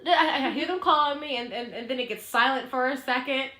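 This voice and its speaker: A woman's voice: sits high, fairly quick, pushed and bright, roomy sound. A woman co-hosting a podcast, telling a story in casual chat, acting out quotes and laughing often. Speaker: podcast co-host.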